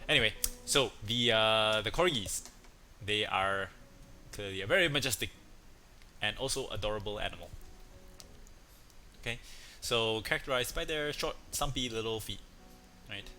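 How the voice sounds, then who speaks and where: A man's voice: medium pitch, bright, forceful tone. A man teaching a casual online lesson, chatty and rambling, with punny asides and lots of fillers.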